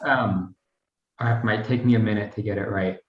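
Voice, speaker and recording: A man's voice: lowish voice, fairly even intonation, normal speed, a little hiss or hum. A middle-aged man as an interview guest, chatting casually and rambling a little while he tells stories and a joke. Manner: chatty, rambling, telling a joke with acted bits. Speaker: guest, garden vice president. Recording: roomy, dull lo-fi sound.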